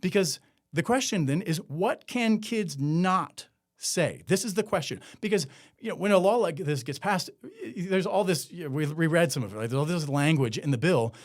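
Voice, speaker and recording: A man's voice: fairly high pitch, expressive, moderate pace. A man hosting a solo commentary podcast, talking in a sarcastic, conversational way with many filler words. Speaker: podcast host.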